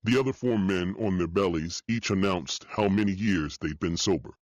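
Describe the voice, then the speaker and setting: A man narrating a thriller audiobook in the first person, steady and matter-of-fact. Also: deep voice, moderate pace, no room sound. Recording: dull dry studio audio.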